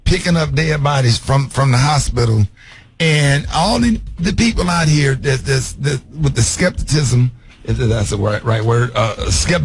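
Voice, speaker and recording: A man's voice: medium pitch, husky. A man hosting a morning radio show. He talks casually, stalling on fillers and restarts while he interviews a guest and takes calls.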